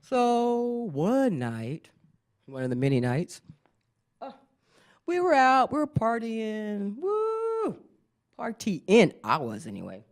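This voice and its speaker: Middle-aged woman comic, slow lively delivery, live crowd. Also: medium pitch. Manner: animated storytelling, acts out voices, laughs often. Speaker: stand-up comedian. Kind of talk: stand-up comedy routine. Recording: live show with audience behind.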